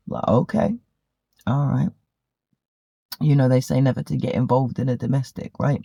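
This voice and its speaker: A woman's voice: a bass voice, expressive, normal speed, gravelly, pauses often, mellow, no room sound. A woman, vlogging a candid, profane story in a chatty way. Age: 40s. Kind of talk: casual storytelling monologue.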